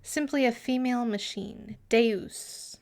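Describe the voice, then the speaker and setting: A woman's voice: on the high side, slow pace, darkish tone. A woman streamer in casual live chat with her viewers, chatty and giggly, sometimes muttering asides to herself.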